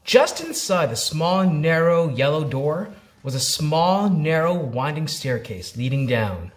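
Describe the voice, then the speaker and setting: A man reading a children's storybook aloud, expressive and playful with repeated words. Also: on the high side, unhurried.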